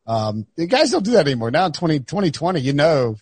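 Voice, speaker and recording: A man's voice: a little high, big pitch swings, breathy edge, no echo. A man hosting a football podcast, rambling and joking with his co-hosts. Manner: joking, rambling, quick to laugh. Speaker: podcast host. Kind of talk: casual chat.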